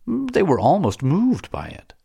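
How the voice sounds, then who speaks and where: A man reading a classic novel aloud as an audiobook narrator, in a measured, dramatic way. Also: fairly high pitch, wildly swooping pitch, creaky, dark tone, slightly rough, dry recording.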